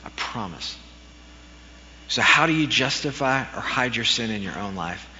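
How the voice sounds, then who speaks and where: Earnest preacher man, very bright voice. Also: mid-range voice, animated, a little slow, a little hiss or hum. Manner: storytelling, earnest with self-deprecating humor. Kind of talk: sermon. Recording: dull recording with long hall reverb.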